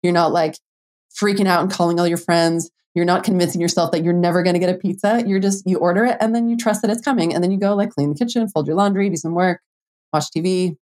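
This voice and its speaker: A young adult woman talking on her own podcast as a dating coach. Her voice sits a little low, and she speaks in a relaxed, chatty way full of filler words and now and then a curse. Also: quick pace. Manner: casual, chatty, lots of "like", mild swearing, playful quoted inner voices. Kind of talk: solo podcast monologue.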